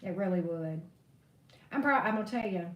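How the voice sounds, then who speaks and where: A woman's voice: mid-range voice, animated, moderate pace. A woman reading tarot on a live stream, venting in a blunt, profane way. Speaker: tarot reader. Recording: echoey room, distant mic, faint noise.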